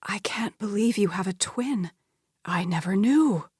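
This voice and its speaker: A woman's voice: mid-range voice, expressive, slow, husky, no room sound, clean studio sound. Woman doing a stunned, faltering mother. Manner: faltering, stammering, whispery. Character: shocked, fragile middle-aged mother.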